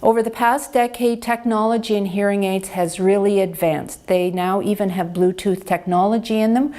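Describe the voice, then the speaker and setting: A woman's voice: medium pitch, steady tone, moderate pace, dark tone. Patient woman explaining hearing care. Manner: clear, patient explaining with practical examples. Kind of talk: educational health talk. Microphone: lapel microphone.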